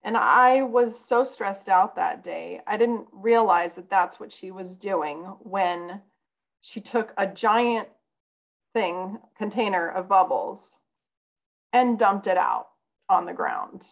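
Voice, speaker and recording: A woman's voice: mid-range voice, sing-song, slow pace, gravelly, rough recording. A woman guest on a podcast, telling a personal story in an earnest, conversational way.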